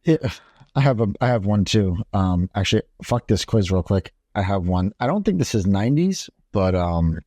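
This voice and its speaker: A man co-hosting a podcast, with lively, swooping speech and a casual, profane manner. His voice is close and dry, with no room sound. He talks in a loose, animated way. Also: lowish voice, moderate pace, no echo. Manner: profane, animated, laughs a lot. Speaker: podcast co-host. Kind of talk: casual chat, reading movie quotes.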